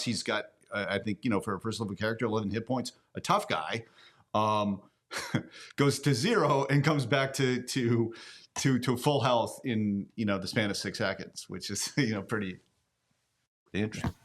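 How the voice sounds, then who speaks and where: A man with a fairly low voice hosts a casual commentary. He muses at length in a reflective, thoughtful way. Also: normal speed, a bit bright. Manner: reflective, musing. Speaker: host.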